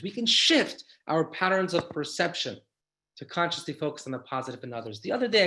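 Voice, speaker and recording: A man's voice: on the high side, a bit bright. A man, a rabbi, giving an inspirational lecture, reflective and repeating key lines for emphasis.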